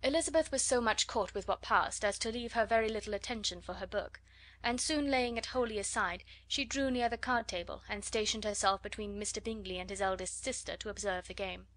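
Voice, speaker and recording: A woman narrating a classic novel as an audiobook, in a measured, clear reading. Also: medium pitch, a bit bright. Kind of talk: scripted narration.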